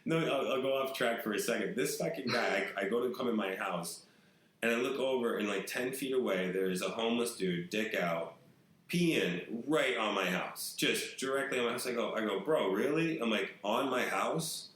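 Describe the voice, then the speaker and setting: A man's voice: on the low side, moderate pace, a bit bright, echoey room, rough recording. A man hosting a podcast, telling rambling stories in casual chat and swearing freely. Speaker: podcast host.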